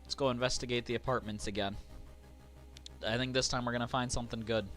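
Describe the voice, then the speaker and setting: A man's voice: medium pitch, steady tone, quick pace, fairly bright tone, faint music behind. A man streaming a video game live, reading the on-screen text aloud between casual asides to his viewers. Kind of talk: live gameplay commentary.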